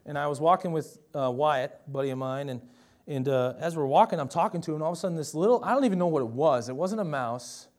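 A man's voice: on the high side, fast talker, a little mellow. A young adult man preaching a sermon in a conversational, emphatic way, often asking the listeners rhetorical questions.

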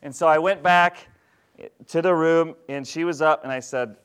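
A man's voice: on the high side, normal speed, fairly bright tone, smooth. A male pastor giving a candid, conversational sermon to his congregation, often asking them rhetorical questions. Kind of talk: storytelling sermon.

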